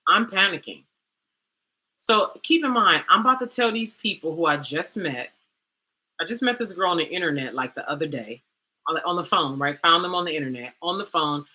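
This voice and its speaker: A woman coach telling a candid personal story, animated and dramatic, with slangy asides like "girl" and "baby". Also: fairly low pitch, moderate pace. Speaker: coach and host.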